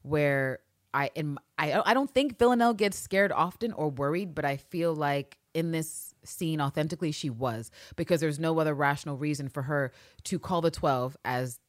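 A woman co-hosting a casual podcast chat, animated and swearing freely as she acts out scenes. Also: sits low, normal speed, dry recording, clean studio sound. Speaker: podcast co-host.

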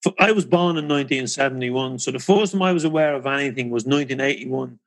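A man, hosting an interview and asking halting questions with repeated words. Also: mid-range voice, a bit bright. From Northern Ireland. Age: 50s. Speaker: podcast host.

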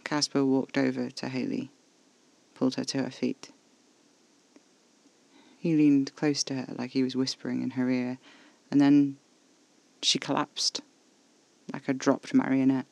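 A man reading scripted first-person horror narration in a measured, level way, close to the mic. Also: mid-range voice, flat delivery, vocal fry, no room sound, poor audio.

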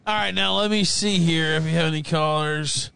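Shouty, gravelly co-host man. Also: fairly high pitch, moderate pace, background noise. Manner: loud, shouty, profane. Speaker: co-host taking calls. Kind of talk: casual crude banter.

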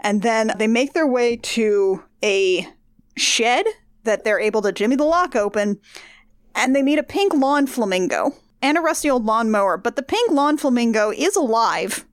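A woman co-hosting a casual movie recap, wry and quick to laugh. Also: a little high, animated, clear, resonant tone, no room sound, studio quality. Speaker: podcast co-host.

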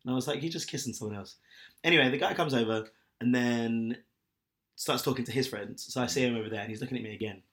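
A man's voice: medium pitch, quick pace. A man co-hosting a podcast, telling a story in casual chat with lots of laughs. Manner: animated storytelling, laughs often. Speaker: podcast co-host.

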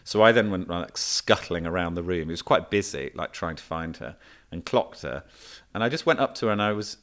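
Male comedian, very low voice, rambling story-teller. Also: brisk. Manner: animated anecdotes with many fillers and restarts. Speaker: comedian guest. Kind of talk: casual chat, storytelling.

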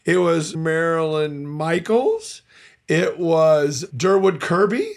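A man's voice: fairly high pitch, slow. An older man, a voice actor and director, telling stories in a casual interview with a worn voice, acting out the people in his anecdotes. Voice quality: worn, gravelly voice. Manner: animated storyteller who acts out voices in anecdotes.

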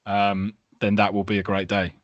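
A man's voice: fairly low pitch, completely flat delivery, normal speed, no echo, dull audio. A man co-hosting a podcast, chatting casually with a rambling, enthusiastic, sweary manner. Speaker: podcast co-host.

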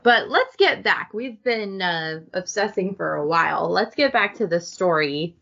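A woman's voice: lowish voice, lively intonation, a little slow, gravelly, sharp tone. Woman podcast co-host, chatty book talk, reads excerpts aloud; dull lo-fi sound. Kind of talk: casual book discussion. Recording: dull lo-fi audio.

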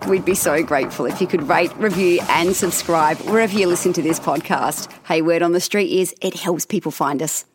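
A woman's voice: on the low side, fairly quick, hardly any pauses, noisy background. A woman podcast host reading a chatty, upbeat sign-off asking listeners to rate and subscribe. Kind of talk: scripted podcast outro. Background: music bed.

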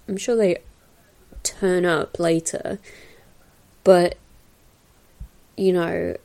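A warm, gravelly voice that sits on the low side belongs to this woman hosting a casual film commentary podcast. She rambles comfortably, dropping fillers and little laughs, and uses a new podcast mic.

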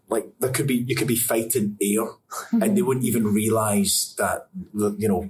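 A young Scottish man with a fairly low voice talks in a loose, rambling way and laughs as he goes. The mic sits back from him, with a faint room hum underneath. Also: a little mellow. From Scotland. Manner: chatty, rambling, laughs often. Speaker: actor interviewee. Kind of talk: casual interview answers. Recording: distant mic with faint ambience.

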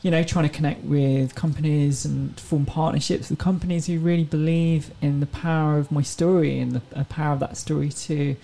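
A woman in her thirties, a racing driver speaking as a podcast guest. Her voice is warm and mellow with a gravelly edge of vocal fry. She tells her stories in an earnest, thoughtful way. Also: sits low, steady tone, fairly quick, few pauses, low-quality recording. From England. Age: 30s. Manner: earnest, reflective storytelling. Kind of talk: casual interview chat.

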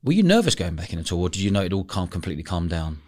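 A man's voice: deep voice, big pitch swings, rapid-fire, darkish tone. A man hosting a casual podcast interview, throwing in short encouraging replies and matey remarks. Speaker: podcast host.

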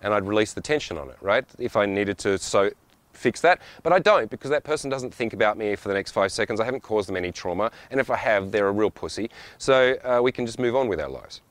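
A man's voice: lowish voice, animated, quick pace, dry recording. A man talking in a blunt, profane, rambling monologue with frequent asides. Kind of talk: casual monologue.

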